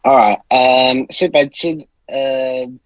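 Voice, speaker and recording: A man's voice: mid-range voice, takes it slowly, no room sound, low-quality recording. A man giving casual gaming commentary, dry and hesitant, with plenty of ums. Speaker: let's play commentator.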